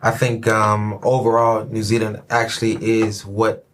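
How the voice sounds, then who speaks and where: A man's voice: on the low side, little pitch movement, measured pace, fairly bright tone, a little hiss or hum. A man hosting a podcast, chatting in a laid-back, joking way and often repeating himself. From Chicago. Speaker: podcast host. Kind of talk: casual chat.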